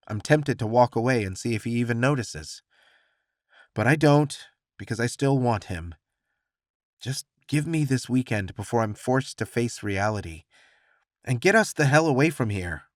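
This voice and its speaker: Expressive male audiobook narrator, dry sound. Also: fairly low pitch, no echo. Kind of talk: first-person audiobook narration.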